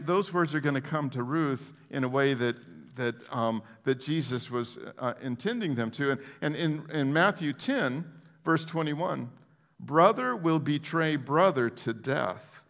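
A pastor delivers a sermon in a loose, conversational way. He is animated and often restarts his sentences, and his voice rings out in a church sanctuary with a long, lingering echo. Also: on the high side, unhurried, gravelly.

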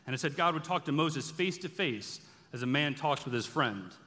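A man giving an animated sermon-style bible teaching, telling the stories casually and acting out the characters' lines. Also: a little high, normal speed. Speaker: preacher. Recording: long reverb from a large hall.

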